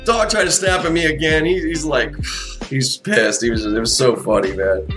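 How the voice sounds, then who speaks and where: A man's voice: medium pitch, normal speed, music in the background. Rambling, profane man telling stories. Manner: rambling, profane storytelling with many restarts. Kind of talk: casual chat.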